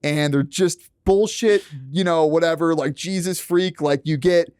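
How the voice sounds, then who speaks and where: A man talking as a guest on a podcast, animated and swearing often as he acts out quoted lines. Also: on the high side, unhurried, clean tone, no room sound, clean studio sound. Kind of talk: casual podcast chat.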